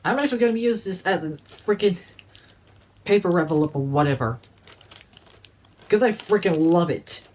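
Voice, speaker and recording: A man's voice: high voice, lively intonation, moderate pace, long pauses. Rambling, profane young-sounding man. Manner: profane, rambling, restarts often. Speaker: DVD collector vlogger. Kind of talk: casual rambling vlog.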